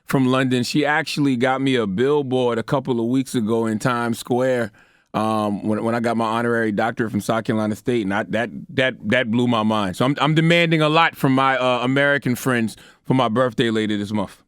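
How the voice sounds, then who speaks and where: A man's voice: medium pitch, brisk, fairly bright tone, clean tone, no echo, clean studio sound. A man hosting a morning radio call-in show, upbeat and easygoing. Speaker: radio host.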